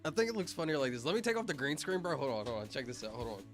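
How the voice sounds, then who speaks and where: A young man livestreaming, chatting loosely with his chat, reading out names and laughing loudly. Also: medium pitch, animated, racing, faint music behind. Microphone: headset mic.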